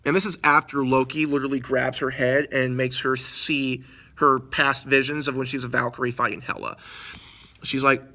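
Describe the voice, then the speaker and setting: A man casually recapping a movie in a review, rambling and excited, full of slang. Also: mid-range voice, moderate pace.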